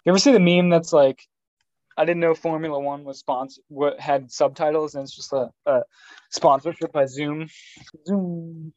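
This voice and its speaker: A man's voice: on the high side, steady tone, brisk, a little mellow, lo-fi sound. A young man co-hosting a podcast in casual chat, joking and rambling with restarts. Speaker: podcast co-host.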